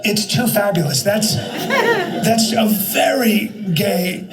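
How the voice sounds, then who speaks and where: A man's voice: sits high, wildly swooping pitch, slow, over loud music, rough recording. A man doing stand-up comedy in a flamboyant, theatrical way. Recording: loud background noise.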